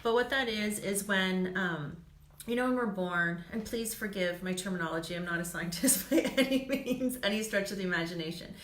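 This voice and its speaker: A woman's voice: medium pitch, normal speed, a bit bright, a little hiss or hum. Chatty woman doing live card readings. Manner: chatty and reassuring, laughs often, many "um"s. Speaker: psychic reader. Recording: echoey room.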